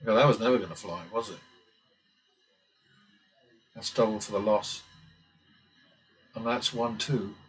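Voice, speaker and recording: With a fairly low voice and a slightly slow pace marked by long pauses, a blackjack strategy channel host chats his way through simulated blackjack hands, muttering the math, adding wry asides, and swearing occasionally. Faint music plays behind the poor-quality audio.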